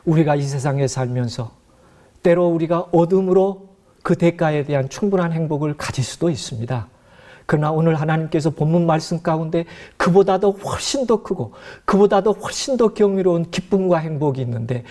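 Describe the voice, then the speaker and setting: Male pastor, earnest exhorting sermon, rapid-fire pace. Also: on the high side, dark tone.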